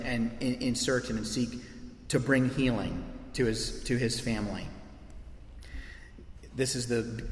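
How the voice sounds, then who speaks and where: A man's voice: medium pitch, slight background noise. A man preaching a sermon as pastor, earnest and impassioned, with emphatic swells. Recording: echoey hall with long reverb.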